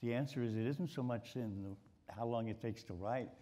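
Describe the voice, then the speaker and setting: Appearing as a guest in an onstage conversation before a live audience, an older Baltimore sports writer with a mid-Atlantic accent tells stories full of repeated words. He speaks in a mellow, mid-range voice at a moderate pace.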